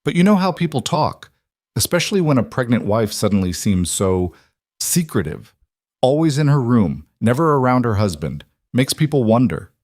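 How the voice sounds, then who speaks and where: A man's voice: mid-range voice, sing-song, moderate pace, a little mellow, no echo, clean studio sound. A man voicing a scheming mafia wife who talks with syrupy, conspiratorial false sweetness. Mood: falsely sweet.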